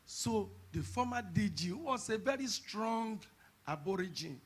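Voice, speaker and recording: Husky high-voiced preaching man. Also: expressive, unhurried. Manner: storytelling preacher who bursts into shouted emphasis. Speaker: pastor. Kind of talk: sermon. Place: church conference.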